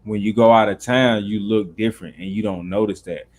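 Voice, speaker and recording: Southern man telling lively stories. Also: on the low side, a little fast. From North Carolina. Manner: animated storyteller, slangy. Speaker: guest, dancer. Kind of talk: casual interview chat.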